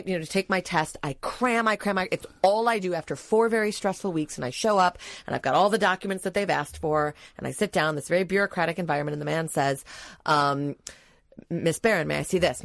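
Lively American woman telling a story. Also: on the low side, fairly quick, no room sound. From United States. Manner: animated, acts out quoted voices, laughs while telling. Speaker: comedian guest. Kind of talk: casual radio chat, animated storytelling. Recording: dry radio studio mic.

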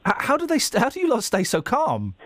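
Lively emotional radio host. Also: male voice, extremely high pitch, brisk, no room sound. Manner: emotional, rambling, jokey. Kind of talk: casual radio chat. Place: radio studio.

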